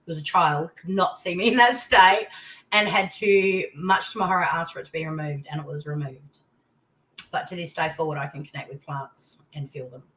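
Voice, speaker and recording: Animated older Australian woman telling a story. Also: low-pitched, moderate pace, low-quality recording. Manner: animated storytelling, voice leaping into exclamations. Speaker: guest. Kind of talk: casual interview chat.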